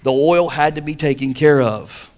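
A man's voice: a little high, moderate pace, darkish tone. A man preaching a sermon, calling on the congregation to answer back. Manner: preaching with call-and-response. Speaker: pastor.

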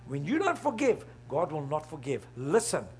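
A man's voice: on the high side, wildly swooping pitch, moderate pace, a little hiss or hum. A middle-aged man preaching a sermon, asking the congregation questions and laughing along with them. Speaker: pastor.

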